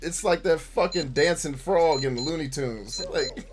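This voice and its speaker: A man's voice: a little high, normal speed, music in the background. Blunt, profane man riffing over gameplay. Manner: laughs easily, jokey asides. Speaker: gaming show host. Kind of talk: casual gameplay commentary.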